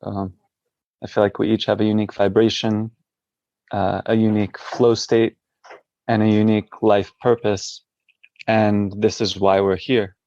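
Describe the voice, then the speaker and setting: A man's voice: lowish voice, little pitch movement, unhurried, long pauses, darkish tone, no room sound, muffled recording. A man speaking as a podcast guest from a hospital room, reflective and hesitant, with many fillers. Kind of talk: interview conversation.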